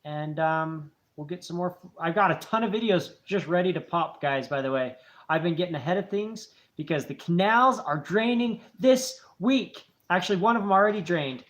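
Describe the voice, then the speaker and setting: A man's voice: high-pitched, lively intonation, moderate pace, a bit bright. A man in his thirties, hosting a casual late-night livestream, friendly and rambling as he thanks viewers. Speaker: channel host.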